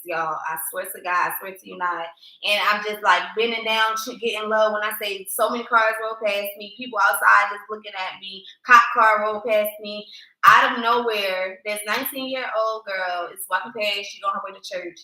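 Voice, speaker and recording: A woman co-hosting a podcast, chatting casually and telling a personal story with emphatic, animated delivery. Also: medium pitch. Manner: animated, emphatic, addresses listeners as y'all. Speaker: podcast co-host. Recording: echoey room.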